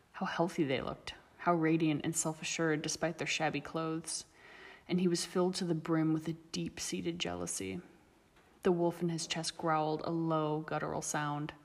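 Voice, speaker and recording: A woman reading a story aloud as narrator, steady and even. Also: low voice. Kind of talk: audiobook reading of fan fiction. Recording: long reverb.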